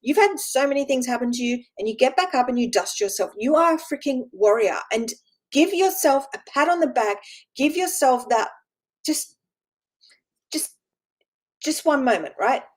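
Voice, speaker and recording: High-voiced woman giving a rambling spiritual talk. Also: lively intonation, normal speed, low-quality recording. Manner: rambling, repeats words, keeps asking "right?"; earnest and encouraging. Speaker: spiritual teacher.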